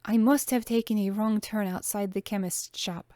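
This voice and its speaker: A sheepish young maid with a put-on French accent, as a woman reader voices her. She speaks softly and hesitantly, sometimes dropping to a near whisper. The sound is dry and close. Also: mid-range voice, steady tone, normal speed, no echo, natural voice.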